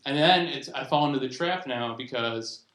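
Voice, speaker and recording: A young man with a medium-pitched, slightly bright voice does a stand-up set at a live show, moving at a moderate pace and rambling, cutting himself off and restarting his sentences. The roomy recording has faint noise and audience laughter.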